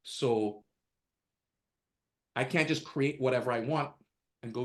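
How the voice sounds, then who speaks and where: A man's voice: medium pitch, slow pace, a bit bright. A man speaking as a guest in a podcast interview, talking emphatically and firing off one rhetorical question after another.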